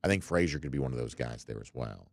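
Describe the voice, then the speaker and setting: A man's voice: extremely low pitch, animated, quick pace, vocal fry, dry recording. A man hosting a sports talk show, chatting loosely with many fillers and restarts as he reads out listener comments. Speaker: podcast host.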